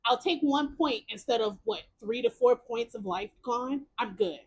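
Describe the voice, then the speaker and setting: A young woman streamer narrates a story game and reacts in excited bursts. Her fairly high voice swoops up and down a lot. She piles up repeated words when something surprises her. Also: moderate pace, vocal fry, breathy edge. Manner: animated, exclamatory, repeats words. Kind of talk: reading a choice game aloud with reactions.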